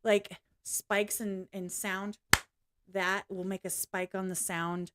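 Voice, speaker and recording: A woman's voice: mid-range voice, level tone, takes it slowly, heavy background noise. A woman vlogging in a casual, rambling way, apologizing often and swearing now and then. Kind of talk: casual reaction vlog chat.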